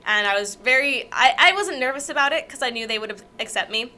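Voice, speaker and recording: A woman's voice: high voice, animated, fast, sharp tone. A young woman co-hosting a podcast, telling personal stories in a rambling, self-deprecating way with frequent laughter. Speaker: podcast co-host. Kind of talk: casual storytelling chat.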